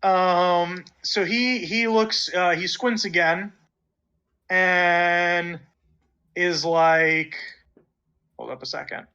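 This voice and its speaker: A man runs a tabletop game in a high, bright voice, and he often stops and restarts while narrating and playing characters. The sound is muffled and lo-fi, like a voice call. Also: steady tone, extremely slow, long pauses, clean tone. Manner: hesitant, full of fillers and restarts. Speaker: dungeon master. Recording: muffled lo-fi audio.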